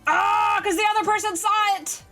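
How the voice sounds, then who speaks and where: A woman live-streaming a game, chatting with her viewers and getting excitable during play. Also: extremely high pitch, normal speed, soft background music. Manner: chatty, excitable, talks to chat. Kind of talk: live-stream gaming chat.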